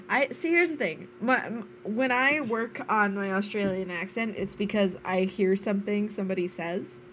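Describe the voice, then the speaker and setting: A woman's voice: medium pitch, a little hiss or hum. A woman streaming a video game, chatting playfully with friends and laughing at herself. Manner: playful, giggly, self-teasing. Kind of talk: casual chat while live-streaming a game.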